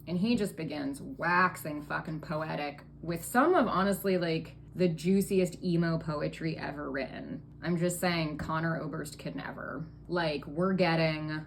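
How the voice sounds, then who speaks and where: A woman's voice: low voice, a little hiss or hum. A tipsy woman retelling a Bible story for comedy in a sarcastic, profane, valley-girl way.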